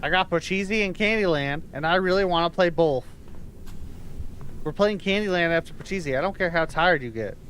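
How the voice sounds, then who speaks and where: A man's voice: on the high side, a little fast, fairly bright tone, a little hiss or hum. A young man casually commenting on a video as he watches it, joking and swearing a lot. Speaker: streamer reacting to a video.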